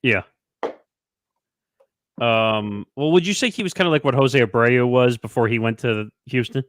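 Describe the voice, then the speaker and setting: A man in casual sports chat during a baseball watch-along, playful and quick with a wisecrack. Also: medium pitch, no room sound. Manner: playful, laughs easily, wisecracking.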